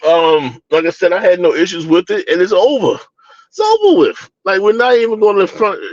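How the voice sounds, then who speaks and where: A man's voice: high voice, brisk, dry recording, muffled recording. A man from Baltimore co-hosting a wrestling review show, talking in a casual, opinionated way with lots of fillers, restarts and mocking asides. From Baltimore, USA.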